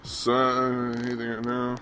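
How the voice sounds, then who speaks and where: A man's voice: mid-range voice, monotone, slow pace, pushed and bright, soft background music. A man commenting on a video game, reading the dialogue aloud with sarcastic, bored asides. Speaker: let's play commentator. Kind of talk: casual gameplay commentary.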